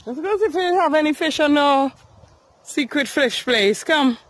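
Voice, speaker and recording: A woman's voice: high-pitched, animated, normal speed, no room sound. A woman vlogging outdoors by a river while walking her dog, talking to it in a coaxing, sing-song way. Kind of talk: casual outdoor vlog chat.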